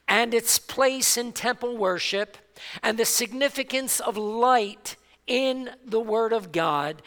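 A man preaching a sermon as pastor, slow and emphatic, with dramatic pauses and repeated stresses. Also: high-pitched, a bit bright. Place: church sanctuary. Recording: long hall reverb.

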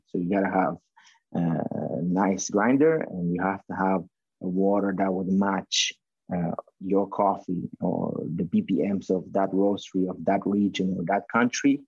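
A man with a fairly low, breathy-husky voice talks loosely about running his coffee shop, peppering everything with slang and the odd curse. It sounds like a casual podcast chat. The recording is dry and a bit muffled. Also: fairly even intonation, normal speed, a little mellow, dry recording. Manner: slangy, profane, laughing storyteller.

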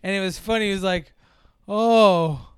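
A man's voice: fairly high pitch, normal speed, no room sound, studio quality. A man in casual chat recapping a film's plot, rambling with lots of fillers and acting out the characters' lines.

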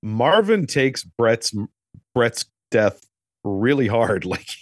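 Animated, swearing man in his forties. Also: medium pitch, takes it slowly, no echo, studio quality. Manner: animated storyteller, swears freely. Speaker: podcast co-host. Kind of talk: casual movie recap chat.

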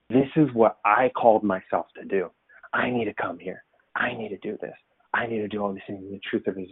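A man's voice: low-pitched, husky, dry recording. A man preaching a casual, conversational sermon, loose and self-deprecating, with lots of fillers. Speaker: pastor. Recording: tinny phone-like dry sound.

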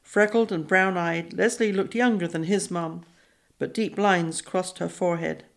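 A woman narrating a children's novel in a measured, even storytelling voice. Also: on the low side, vocal fry. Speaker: audiobook narrator. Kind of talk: scripted narration.

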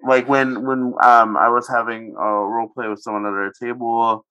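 A man's voice: medium pitch, little pitch movement, normal speed, pushed and bright, clean tone, no echo, muffled recording. A man chatting casually on a podcast about role-playing with his table, giggly and chatty. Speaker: player.

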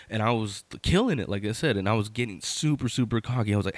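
A man in his thirties spins a casual story, circling back and restarting often. His voice sits on the low side, and the recording is dry and close with no room sound. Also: quick pace, dry recording. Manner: rambling, lots of fillers and restarts.

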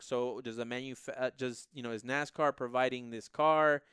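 A man's voice: medium pitch, steady tone, moderate pace, sharp tone, clean tone, no room sound, studio quality. A man co-hosting a car podcast, telling a story in casual chat and acting out what people said. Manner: storytelling, acts out quoted people. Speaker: podcast co-host.

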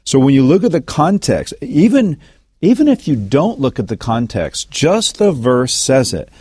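A man, a pastor co-hosting a Bible question show, who talks in a measured, thoughtful way with frequent fillers. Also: medium pitch, sing-song, a little mellow, husky, dry recording, studio quality. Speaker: pastor and co-host. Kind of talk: Bible Q&A discussion.

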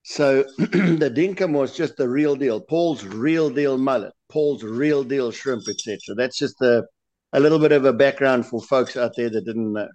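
A man being interviewed speaks with a South African accent in a chatty, rambling way. He often stumbles over his words and restarts before he finishes a thought. His pitch sits in the middle range for a man. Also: normal speed, a little mellow, muffled recording, a little hiss or hum. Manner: chatty, repeats words while searching for them. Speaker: guest, lure designer. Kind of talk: podcast interview.

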